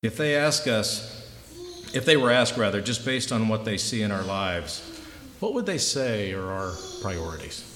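A man preaching a sermon as a pastor, telling stories with lively, rising delivery. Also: a little slow. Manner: animated storytelling, voices rising high in anecdotes. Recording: echoey hall, faint noise.

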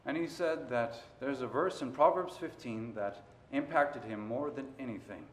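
A man preaching a sermon, moving between quiet stretches and loud, emphatic passages. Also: medium pitch, moderate pace, slight background noise. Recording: roomy echo.

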